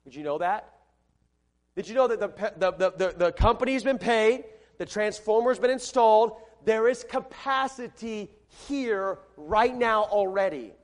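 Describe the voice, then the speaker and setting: A man preaching a sermon in a large church, emphatic, repeating his phrases and swinging between loud and soft delivery. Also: high-pitched, a little slow. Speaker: pastor.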